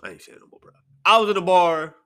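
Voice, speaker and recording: A man hosting a casual solo podcast from his apartment, swinging between sudden high exclamations and low mutters. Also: quick pace, background noise. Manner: animated, jumps into sharp high outbursts then drops to low mutters. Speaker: podcast host. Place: apartment room.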